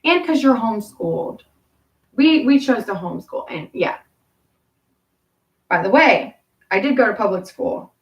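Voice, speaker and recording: A woman speaks in long, tangential stretches, cursing freely and cutting herself off mid-thought. Her voice sits at an ordinary pitch and carries from a distance in an echoing courtroom. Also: expressive, unhurried, long pauses, lo-fi sound. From Appalachian Kentucky. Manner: tangential, profane, self-interrupting. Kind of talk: rambling storytelling. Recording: roomy, from far off.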